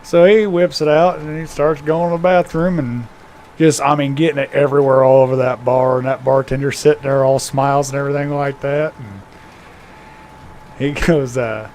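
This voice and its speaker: A mid-pitched man tells a bar joke on a relaxed game stream, taking his time with pauses along the way. A faint ambient hum sits under his voice. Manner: laid-back, drawn-out storytelling with pauses. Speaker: live-stream co-host.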